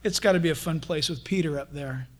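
A man preaching a sermon as pastor, animated and conversational, acting out playful little dialogues with his congregation. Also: fairly high pitch, fast talker.

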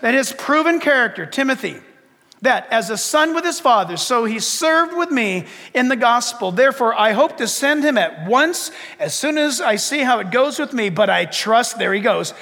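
A man preaching a sermon as pastor, animated, acting out little dialogues and rising to shouts. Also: very high-pitched, moderate pace. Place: church sanctuary. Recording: long reverb of a church hall.

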